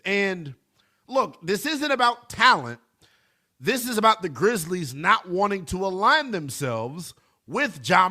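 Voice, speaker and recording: A man hosting a call-in sports radio show, talking to listeners in an emphatic, animated way. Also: fairly high pitch. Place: radio studio.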